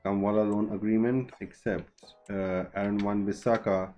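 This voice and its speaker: A man streaming a football management game, chatting casually and haggling out loud with the players he signs. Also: on the low side, level tone, moderate pace, soft background music. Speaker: gaming streamer.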